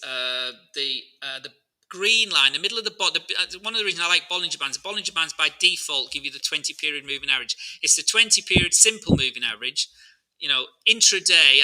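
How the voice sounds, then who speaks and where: A man's voice: a little high, poor audio. Chatty man talking through charts. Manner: chatty, answers viewer questions while talking through charts; many fillers and restarts, relaxed and informal. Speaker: market analyst host. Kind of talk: live market analysis stream.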